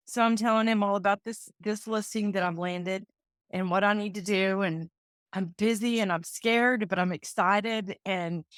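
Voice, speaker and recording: In a dry, clean studio recording, a medium-pitched woman in her fifties, a real estate agent, tells a personal story during an interview. She speaks heartfelt and acts out the conversations she remembers.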